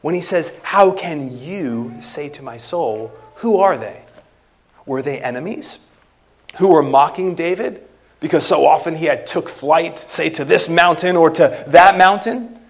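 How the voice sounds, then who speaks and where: A man preaching an expository sermon and quoting scripture, with emphatic loud stresses that drop to quiet trailing phrases. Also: fairly high pitch, unhurried, gravelly.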